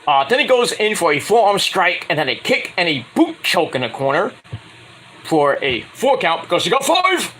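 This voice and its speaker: A man's voice: high voice, very animated, normal speed, bright, forceful tone, slight background noise, poor audio. A young man giving a crude, jokey, casual recap of a wrestling show, with loose play-by-play full of fillers.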